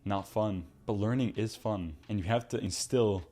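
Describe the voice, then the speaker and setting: A young man in his twenties talks straight to his viewers in an earnest, animated motivational monologue. His voice sits a little low, with a dark, mellow tone. He sounds like someone who wants his listeners to change their habits. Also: normal speed, faint music behind. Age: 20s. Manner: mocks friends in put-on voices. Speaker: self-improvement video host.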